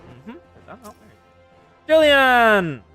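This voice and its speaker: An excitable man commenting live over his gameplay, exclaiming often. His voice is high and bright, jumping all over its range. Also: a little slow, soft background music. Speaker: game streamer.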